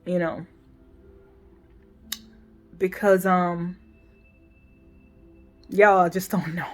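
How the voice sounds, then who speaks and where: A woman in her forties talking through a painful family rift in a personal vlog, emotional and halting, often restarting and trailing off softly. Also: on the low side, level tone, faint music behind.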